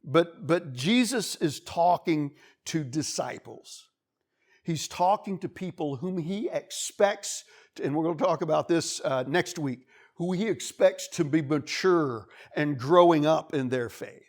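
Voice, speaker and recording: A man's voice: on the high side, animated, unhurried, darkish tone. A man preaching a sermon in a church, talking in a conversational way and acting out the voices of the people he quotes. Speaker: pastor. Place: church sanctuary.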